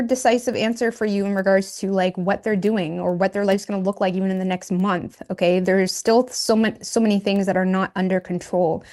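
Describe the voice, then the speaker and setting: A woman's voice: mid-range voice, a little mellow. A woman giving a casual tarot reading, chatty and loose, laughing at herself and filling her talk with "like" and "you know". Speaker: tarot reader.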